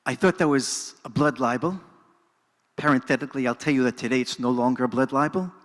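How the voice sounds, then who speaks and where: A man's voice: mid-range voice, a little fast, fairly bright tone. An older man giving an earnest, dramatic personal storytelling talk in a synagogue hall, moving between narration and reflection. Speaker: speaker at a presentation. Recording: reverberant hall.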